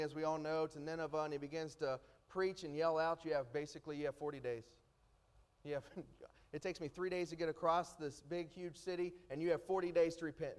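A man preaching a sermon, reading scripture aloud slowly and then explaining it with rising emphasis. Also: fairly high pitch.

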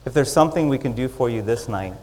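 A man preaching a sermon. He swings from loud, rising lines down to soft, quiet endings. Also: mid-range voice, lively intonation, fast talker, slight background noise. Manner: dynamic, rising loud in the story and dropping to soft closings. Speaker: pastor.

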